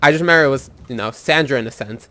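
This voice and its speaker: A man's voice: mid-range voice, rapid-fire, bright, forceful tone. A young man casually telling a rambling story over gameplay, swearing often and filling with "like". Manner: rambling, swears a lot, heavy use of "like". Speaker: gaming video host.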